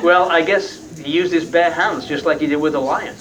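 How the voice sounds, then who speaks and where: A man's voice: on the high side, steady tone, normal speed, distant mic, crowd noise, low-quality recording. A man preaching a sermon in a conversational, folksy way, often tagging his points with rhetorical questions.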